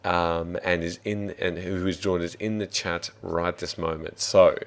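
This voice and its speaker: Deep-voiced Australian game master. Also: male voice, fairly even intonation, measured pace. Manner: upbeat, rambling, restarts often. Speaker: dungeon master and stream host. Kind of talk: casual stream chat.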